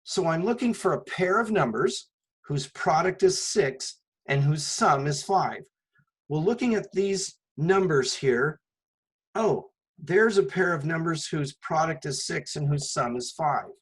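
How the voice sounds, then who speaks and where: A man's voice: fairly high pitch, lively intonation, a little slow, slightly rough, rough recording. A man teaching a math lecture, explaining step by step with a patient manner and often asking rhetorical questions before he answers them. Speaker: math instructor. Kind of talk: recorded classroom lecture.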